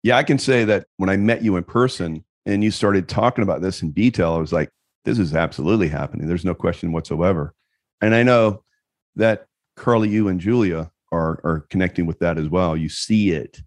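Very deep-voiced male host. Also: normal speed, no echo, clean studio sound. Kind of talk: casual interview.

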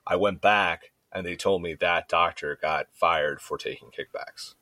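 Low, deep-voiced man telling blunt stories. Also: a little slow, pushed and bright, no echo. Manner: candid, swearing storyteller who acts out quoted voices. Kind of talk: casual chat.

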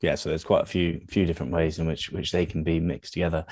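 A man's voice: low-pitched, level tone, fast, darkish tone, husky, no room sound. A man hosting a podcast interview, chatting casually and sharing a personal story with his guest. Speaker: podcast host. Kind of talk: interview conversation.

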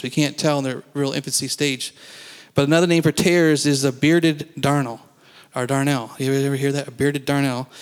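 This pastor has a fairly high, clear, resonant voice. He preaches a conversational sermon in a church sanctuary, putting questions to the congregation, and the recording carries the long reverb of a church hall.

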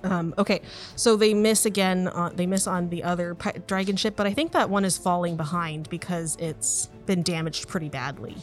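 A woman narrating as game master of a tabletop game, lively and quick to laugh. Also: fairly low pitch, soft background music. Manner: lively, laughs often, voices characters.

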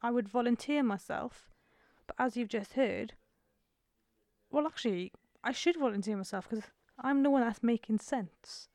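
A woman's voice: fairly high pitch, normal speed, darkish tone, dry recording, studio quality. A woman in her twenties co-hosting a podcast, telling a rambling, self-mocking story in casual chat at home. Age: 20s. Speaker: podcast co-host. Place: home room with door open, traffic outside.

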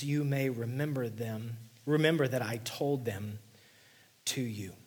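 A man preaching a sermon, reading scripture and explaining it, sometimes dropping to a hushed near-whisper for emphasis. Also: medium pitch, a little slow, husky. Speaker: pastor.

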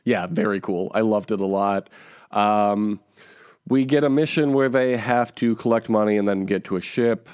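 A man's voice: fairly low pitch, normal speed, a little mellow, clear, resonant tone, dry recording, studio quality. A male podcast co-host in casual chat, wry and laughing often, trailing off with ums as he recaps a reality show.

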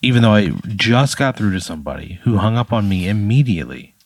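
Exasperated man with a lowish voice. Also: expressive, fairly quick, dry recording. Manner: exasperated, swearing. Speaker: podcast co-host. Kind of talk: comedic banter.

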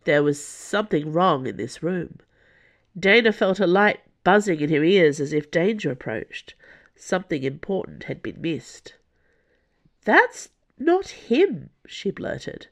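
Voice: medium pitch, animated, moderate pace. An audiobook narrator reading scripted fiction expressively.

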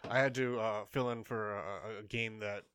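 A man's voice: fairly low pitch, fairly even intonation, moderate pace, a bit bright, smooth, dry recording. A man on a sports podcast, joking and poking fun at himself. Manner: joking, self-deprecating. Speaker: podcast co-host. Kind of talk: casual podcast banter.

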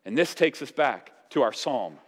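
Animated preaching man in a reverberant church. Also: medium pitch, normal speed. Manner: conversational preaching with sudden loud emphatic swells. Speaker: pastor. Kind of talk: sermon.

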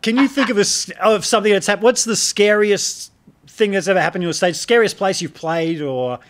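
A man's voice: high-pitched, brisk. A middle-aged man hosting a casual chat, telling stories and asking questions. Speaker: host.

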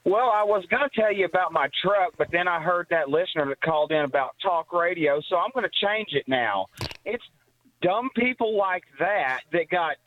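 A man's voice: high voice, animated, moderate pace, dry recording. A male caller from Oklahoma, blunt and annoyed, calling in to a radio show. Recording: tinny dry phone line.

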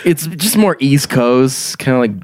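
A man's voice: mid-range voice, dry recording, studio quality. A man co-hosting a casual podcast, joking around and laughing readily. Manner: jokey, animated, quick to laugh. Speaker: podcast co-host. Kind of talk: casual chat.

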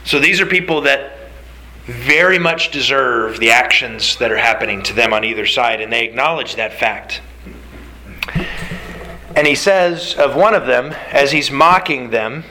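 A man's voice: a little high, animated, moderate pace, sharp tone, a little hiss or hum, low-quality recording. A man preaching a sermon, telling the story emphatically with repeated phrases. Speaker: pastor.

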